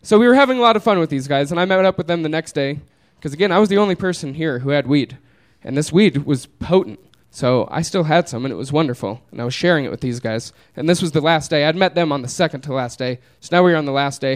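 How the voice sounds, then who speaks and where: Laid-back guy doing live storytelling, kinda highish voice, smooth and clear, keeps laughing at his own story. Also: animated, fast talker, few pauses. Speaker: comedian telling a story on stage. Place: small live venue.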